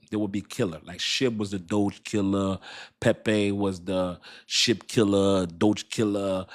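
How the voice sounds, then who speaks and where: A middle-aged man talks loosely on his own crypto livestream, laughing often and restarting his sentences as ideas come to him. He chats straight to his viewers and reads their messages out as he goes. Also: sits low. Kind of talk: casual livestream chat.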